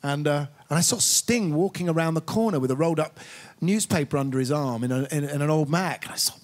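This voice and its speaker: A man's voice: a little high, quick pace. Wry storytelling man in his sixties. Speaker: guest musician. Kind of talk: reminiscing in an interview.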